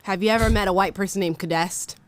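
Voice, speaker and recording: A woman's voice: medium pitch, fairly even intonation, fast talker. A young woman hosting a reaction stream, chatting casually and laughing often at what she watches. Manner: laughs often, jokey asides.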